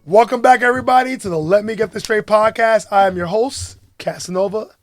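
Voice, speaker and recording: A man's voice: high-pitched, a little fast, faint music behind. A man hosting a casual podcast, playful and teasing, laughing often. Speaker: podcast host. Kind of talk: casual chat.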